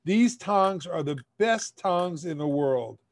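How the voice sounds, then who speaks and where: A man hosts a live virtual craft show in a slightly high voice, rambling in a friendly way as he talks up the prizes. The recording is dry and close, with no room sound. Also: expressive, slow, no room sound. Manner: rambling, friendly, with restarts, talking up giveaway prizes. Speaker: host. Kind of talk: casual live-stream host chat.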